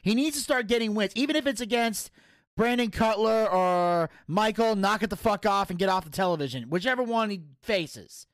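A man's voice: high-pitched, moderate pace, dry recording. A man chatting casually about wrestling, opinionated and direct. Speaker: podcast guest. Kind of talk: casual wrestling recap chat.

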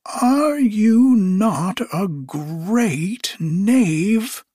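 A man voicing a cruel, scheming old witch woman who mutters in a hushed, menacing way. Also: mid-range voice, big pitch swings, very slow, slightly rough, no echo, clean studio sound, full character voice. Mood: shrill rage.

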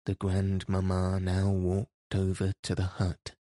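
Male audiobook narrator, very deep voice, slow, mellow, dry close sound. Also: monotone, no echo.

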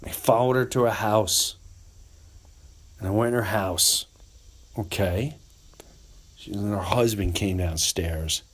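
A man hosting a podcast, telling a personal story in an earnest, animated way and slipping into voices for the people in it. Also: on the low side, slow, pauses often, husky. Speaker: podcast host.

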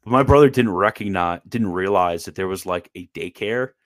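Deep-voiced Maryland man rambling casually. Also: dry recording, clean studio sound. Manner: rambling, halting, lots of fillers and restarts. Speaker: podcast host. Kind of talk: casual chat.

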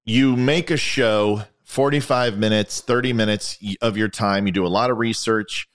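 A man's voice: on the low side, fairly even intonation, normal speed. A man hosting his own show in a casual monologue. He rambles and gets sarcastic. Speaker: podcast host.

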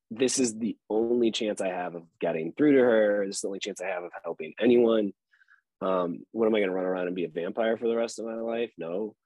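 A man's voice: lowish voice, a little mellow, no echo, low-quality recording. A man, an actor guest on a podcast, talking in a loose, rambling way with fillers and laughs. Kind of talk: casual interview chat.

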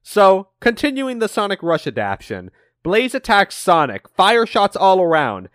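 Male podcast co-host, high bouncy voice, dry close recording, animated casual storyteller. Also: moderate pace, no echo. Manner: animated storytelling with frequent swearing. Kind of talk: casual comic recap chat.

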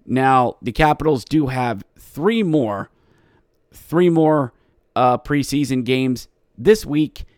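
A man's voice: mid-range voice, animated, takes it slowly, dry recording, studio quality. A man hosting a casual hockey podcast, talking in a chatty, joking way with self-mocking asides. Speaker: podcast host.

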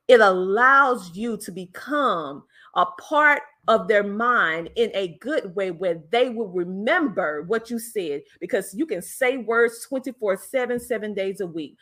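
A woman's voice: medium pitch, fairly bright tone. A woman hosting a podcast, giving an emphatic motivational talk and stretching the words she stresses. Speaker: podcast host. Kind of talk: motivational speaking.

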